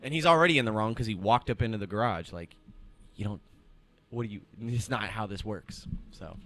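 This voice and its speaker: A young man with a somewhat low voice, talking with friends on a podcast. He tells his story with animation and slips into the voices of everyone in it. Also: a little fast. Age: young adult. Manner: animated storyteller acting out quotes. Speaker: podcast co-host. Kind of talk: casual chat.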